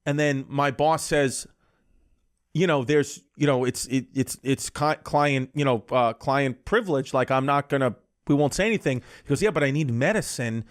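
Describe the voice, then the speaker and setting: A man's voice: mid-range voice, moderate pace. Rambling man telling a crude story. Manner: rambling storyteller, quoting people with 'he goes'; swearing, blunt. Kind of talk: casual anecdote telling.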